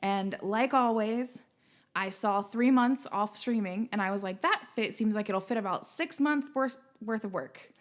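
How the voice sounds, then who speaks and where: A woman's voice: medium pitch, a little slow. Joking woman hosting a livestream. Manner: rambling, self-mocking, joking. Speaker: stream show host. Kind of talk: casual livestream chat.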